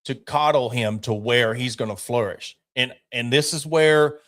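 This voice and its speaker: A man co-hosting a casual sports podcast, animated and opinionated, talking in quick bursts. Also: mid-range voice. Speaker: podcast co-host.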